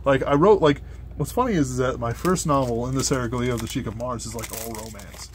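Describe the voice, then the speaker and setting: A man's voice: mid-range voice, fast talker, a little hiss or hum. A young man who rambles in a casual, filler-heavy way while he opens card packs, swearing when he gets annoyed. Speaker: card unboxing host.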